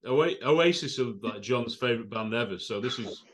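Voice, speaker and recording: A man's voice: mid-range voice, lively intonation, moderate pace, crowd noise. A male interviewer who chips in and teases the guest in casual chat. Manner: chips in, teasing.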